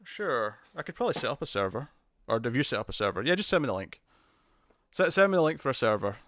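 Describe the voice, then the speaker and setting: British guy on a live stream, middle pitch, chatty, restarts a lot, dry sound. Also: very animated, quick pace, fairly bright tone, dry recording. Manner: rambling, hesitant, stammers and restarts, chuckles often. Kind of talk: casual chat reading viewer comments.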